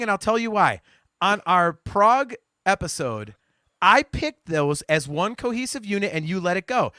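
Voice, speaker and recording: A man hosting a casual podcast chat, animated and teasing, often laughing. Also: high voice, normal speed, no room sound, studio quality. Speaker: podcast host.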